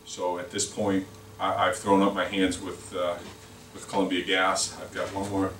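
At a lunch-and-learn in a meeting room, a sales representative gives a product training talk in a deep, somewhat bright monotone at normal speed. His speech rambles with many repeated words and restarts, captured from far off in an echoey room with faint noise.

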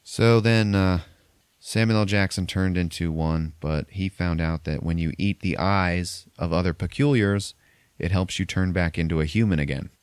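A man's voice: low voice, normal speed, smooth, dry recording. A man hosting a podcast, recapping a film plot loosely with lots of swearing. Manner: loose, profane storytelling. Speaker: podcast host. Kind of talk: casual movie recap.

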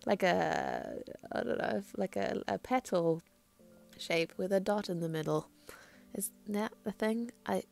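Soft music plays behind a woman's mid-range, somewhat slow voice, which is creaky and a touch mellow. She gives a casual tutorial voice-over on her nail art, rambling hesitantly and running herself down, her accent shifting between New Zealand and English.

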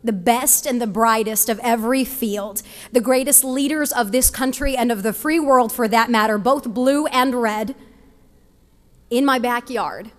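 Passionate slow-speaking young woman at a podium. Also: on the high side. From Texas. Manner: emphatic, passionate delivery. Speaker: commencement speaker. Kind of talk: inspirational commencement speech. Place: large ceremony venue. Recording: long hall reverb.

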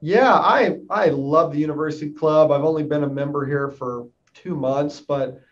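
Interviewed as a club member, an upbeat insurance salesman in his thirties from East Tennessee answers casually with plenty of fillers. His accent is mostly neutral with just a light Southern trace, and his fairly high voice moves at normal speed on a recording with the highs cut off.

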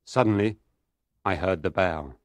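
Deep-voiced man reading a story aloud. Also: a little slow, a little hiss or hum. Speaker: audiobook narrator. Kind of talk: scripted first-person narration for English learners.

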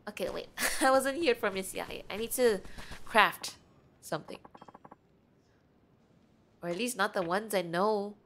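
A woman's voice: mid-range voice, measured pace, long pauses, a bit bright, slight background noise. Woman, young adult, streamer, playful, giggly, casual gameplay chat. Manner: playful, giggly, reads game dialogue aloud.

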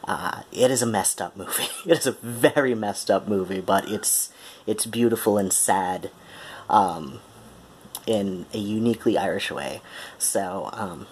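Slow, deep-voiced man with transatlantic accent. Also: a little hiss or hum. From Ohio, USA. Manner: hesitant, full of ums and pauses. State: tired. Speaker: musician. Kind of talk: casual vlog introduction.

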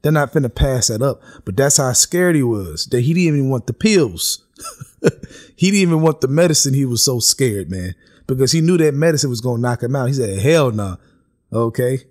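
A man's voice: medium pitch, animated, a little fast, darkish tone. A man giving an earnest, casual spoken testimony, often stopping to check in with his listeners. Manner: earnest, repeats "okay?" and "man" for emphasis. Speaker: religious vlogger giving a testimony.

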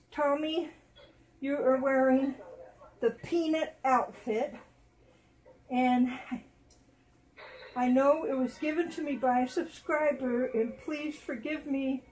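A woman hosting a casual vlog at home, talking to viewers and cooing softly to her dolls. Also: high voice, steady tone, takes it slowly, pauses often. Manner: doting, soft baby talk to her dolls. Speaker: doll channel host.

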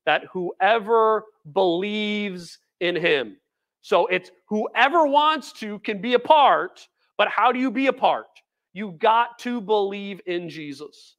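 A man's voice: sits high, animated, slow, a bit bright. A man preaching a sermon at a church food pantry, earnest and conversational, reading scripture aloud with emphasis. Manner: conversational, with fillers and repeated phrases.

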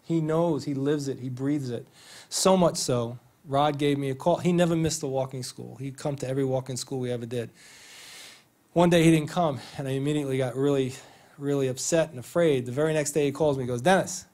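A man's voice: medium pitch, brisk, darkish tone. A man presenting a physical therapy training to an audience in a theater, conversational and enthusiastic, telling stories with quoted dialogue. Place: theater stage.

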